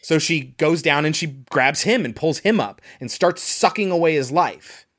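A man co-hosts a podcast in a fairly high voice at normal speed, loosely walking through a movie's plot. He chats in a relaxed way and drops behind-the-scenes trivia along with fillers.

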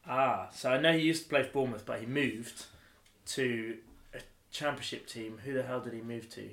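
A man on a casual podcast, answering quiz questions, animated and quick to laugh and exclaim. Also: medium pitch, creaky, roomy sound. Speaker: podcast co-host, quiz contestant.

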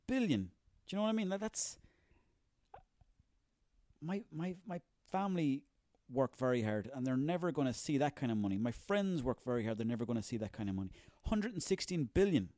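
Irish male, 30s, mid-pitched, solo comic ranter, sweary and sarcastic, dry close recording. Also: sing-song, fairly quick, warm tone, no echo. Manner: profane, sarcastic, ranting, rambling. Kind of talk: comic rant monologue.

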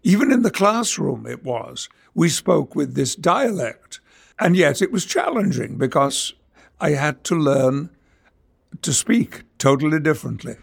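An older English actor from Yorkshire with a gravelly voice, speaking in trained stage English in a measured, theatrical interview manner. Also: male voice, fairly high pitch, big pitch swings. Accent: English, trained stage speech. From Yorkshire, England. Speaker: actor, guest. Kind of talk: interview conversation and dramatic verse reading.

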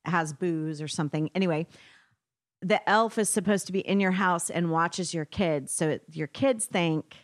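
A woman's voice: on the low side, normal speed, no echo, studio quality. A woman appearing as a guest political commentator on a podcast, telling stories and laughing often. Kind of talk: casual storytelling chat.

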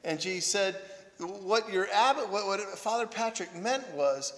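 In a large hall, a man who is a priest and monk speaks a little slowly in a high, slightly bright voice. He tells self-deprecating anecdotes with humor in a conversational sermon, frequently asking "right?".

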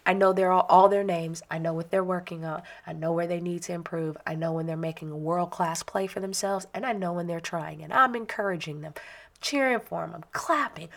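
Gravelly-voiced mom telling a story. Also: female voice, on the low side, fairly quick. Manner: animated, chatty, self-mocking. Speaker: parent. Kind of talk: personal storytelling monologue.

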